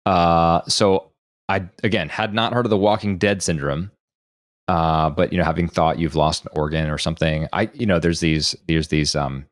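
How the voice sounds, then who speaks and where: A man's voice: deep voice, steady tone, normal speed, no room sound, studio quality. A man co-hosting a podcast, thinking aloud and reasoning through his guesses in casual chat. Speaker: podcast co-host.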